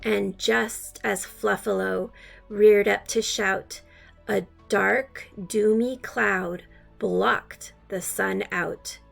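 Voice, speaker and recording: A woman reading a rhyming picture book aloud in a slow, rhythmic delivery. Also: mid-range voice, fairly even intonation, vocal fry, faint music behind. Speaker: storybook reader.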